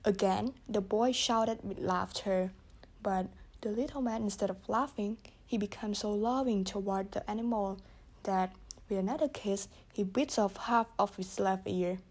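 A woman reading a children's story aloud, gently voicing the characters. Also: medium pitch, unhurried. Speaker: audiobook reader. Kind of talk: storybook narration.

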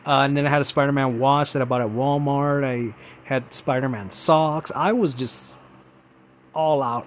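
A young man talks in a casual, rambling way as a host. He is an excited fan who fills his talk with many fillers and restarts. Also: medium pitch, a little hiss or hum. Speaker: podcast host.

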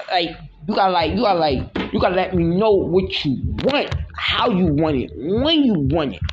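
A man's voice: sits high, lively intonation, moderate pace, few pauses, dull audio, slight background noise. A man hosting a casual solo podcast, rambling and slangy with lots of filler words, often teasing and mock-scolding. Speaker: podcast host.

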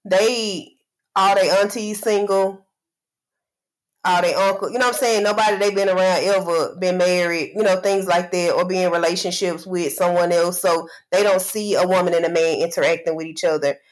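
A woman's voice: on the low side, steady tone, moderate pace, low-quality recording. A woman co-hosting a casual podcast, talking reflectively in long winding sentences full of "you know". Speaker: podcast co-host.

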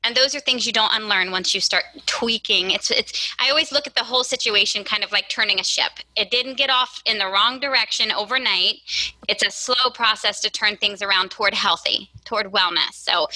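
A woman's voice: mid-range voice, brisk, pushed and bright, dry recording, rough recording. A woman co-hosting a casual conversation, talking confidently and giving advice. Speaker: podcast co-host.

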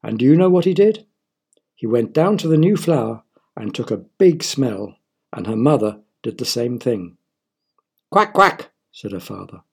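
A man's voice: mid-range voice, animated, normal speed, vocal fry, dark tone, slightly rough. A man narrating a children's story in a playful way, often asking the listeners questions.

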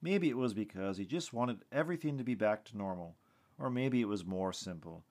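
Male host reading a novel chapter aloud; low, measured, plain. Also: animated, a little mellow. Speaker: podcast host and storyteller.

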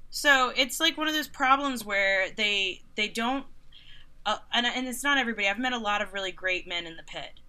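This thirties-aged woman works as a concert photographer and tells stories during a casual interview, full of animated sarcasm and mocking imitations of other people's voices. Her pitch is medium, her pace moderate, and the tone clean.

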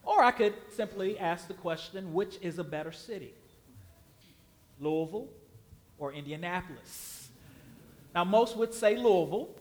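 High-voiced man preaching a sermon. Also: animated, measured pace, pauses often. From Chicago. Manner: conversational, emphatic, with frequent fillers and repeated words. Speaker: guest preacher.

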